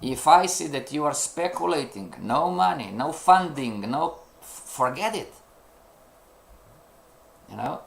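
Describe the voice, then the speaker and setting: Animated non-native English-speaking man teaching. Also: a little high, measured pace, gravelly, pauses often, a little hiss or hum. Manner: animated, peppers speech with "you know" and rhetorical checks; non-native English, sometimes searches for words. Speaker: trading instructor. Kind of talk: live lesson to students.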